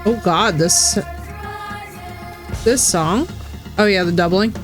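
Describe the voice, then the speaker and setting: A woman's voice: medium pitch, takes it slowly. A woman commenting live on a game she is playing. She talks in effusive, exclamation-filled bursts. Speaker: game streamer. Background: faint game music.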